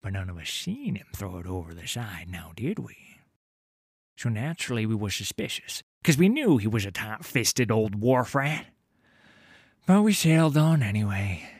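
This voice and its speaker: An actor playing a grizzled, boastful old sailor telling a tale in a tavern, in rough dockside dialect that drops to whispers and rises to roars. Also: male voice, on the low side, big pitch swings, normal speed, no echo, clean studio sound, exaggerated voice. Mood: spinning yarn. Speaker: tavern storyteller. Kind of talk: dramatic audio story narration.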